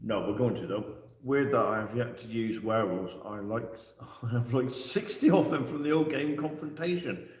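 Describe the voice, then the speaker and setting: A man's voice: medium pitch, normal speed. A man co-hosting a wargaming livestream, chatting casually, joking and swearing freely, laughing often. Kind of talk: casual banter, reading live chat. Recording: echoey room, mic far off.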